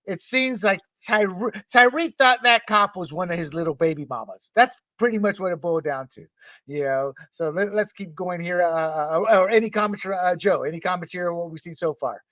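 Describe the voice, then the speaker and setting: A blunt man hosting a casual panel talk show, his voice high and bright, often mocking others by acting out their voices. He sounds a little distant from a muffled microphone, in a dry room. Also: normal speed, dry recording. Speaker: podcast host.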